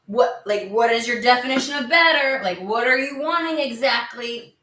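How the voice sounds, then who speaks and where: A woman's voice: on the high side, lively intonation, moderate pace, pushed and bright, soft background music. Blunt, chatty woman in an echoey room. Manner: chatty and blunt, swears freely. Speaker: tarot reader. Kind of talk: casual spoken tarot reading.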